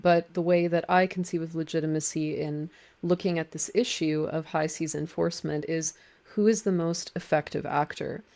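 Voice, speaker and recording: A woman author explaining a legal argument in a measured, precise way. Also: deep voice, fairly even intonation, gravelly, a little mellow. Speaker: guest, book author on marine law.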